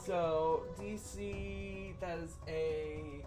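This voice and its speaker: A man narrating a tabletop game as game master, animated and laughing often, jumping into loud character quotes. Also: on the high side, drawn-out words, music in the background.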